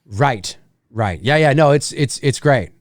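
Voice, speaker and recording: A man's voice: medium pitch, a little slow, dry recording, studio quality. A man hosting a casual live movie commentary, swearing as he reacts and reading viewer comments aloud. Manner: animated, profane, reads chat questions aloud. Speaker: host.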